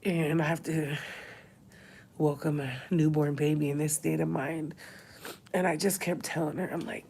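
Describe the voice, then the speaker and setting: A woman's voice: low voice, flat delivery, unhurried, creaky, long pauses, a little mellow, a little hiss or hum. A woman in her thirties crying as she talks in a confessional vlog, her voice breaking into whispers and sighs. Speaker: vlogger. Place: hospital room.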